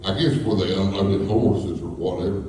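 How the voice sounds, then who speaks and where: A low-pitched, warm male voice at a moderate pace belongs to a storyteller spinning folksy, rambling tales for a live audience in a school hall. He chuckles as he goes. The recording is echoey and distant, with a faint hum.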